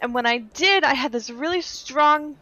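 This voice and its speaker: Bright, eager woman player. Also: sits high, normal speed, faint music behind. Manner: eager and rambling. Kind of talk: casual tabletop game chat.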